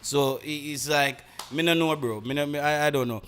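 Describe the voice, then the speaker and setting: A man's voice: a little high, normal speed, a bit bright, a little hiss or hum. A young Jamaican man with a country accent, chatting casually as a podcast host, rambling and switching between patois and English. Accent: Jamaican rural. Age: young adult. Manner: rambling, mixes patois and English, many restarts. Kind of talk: casual chat.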